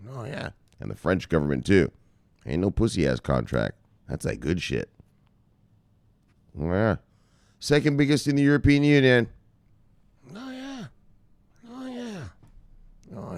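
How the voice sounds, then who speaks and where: A man hosting a crypto news show in a casual, profane, excitable live-stream style, repeating "look, look" and swearing freely. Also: deep voice, creaky, no echo, studio quality.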